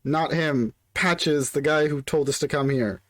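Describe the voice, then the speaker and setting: A man voicing a young female adventurer yelling up from the bottom of a pit. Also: on the high side, a little slow, dry recording, clean studio sound. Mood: panicked. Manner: yelling up from far below.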